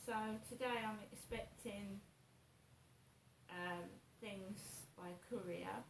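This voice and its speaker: A woman, rambling through a slow, repetitive story about her morning while she vlogs in her flat. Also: medium pitch, gravelly, echoey room, recorded from a distance, slight background noise, poor audio. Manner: slow, repetitive, anxious retelling. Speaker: vlogger.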